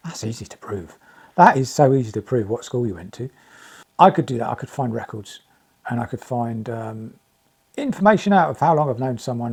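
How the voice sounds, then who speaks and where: A man giving a rambling solo commentary on a crime case, hesitant, with many pauses and restarts. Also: medium pitch, warm tone, husky.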